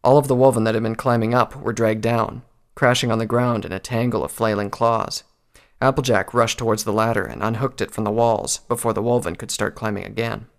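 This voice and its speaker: Man narrating a story, steady delivery, deep and gravelly. Fits audiobook fiction. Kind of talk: scripted narration of fan fiction.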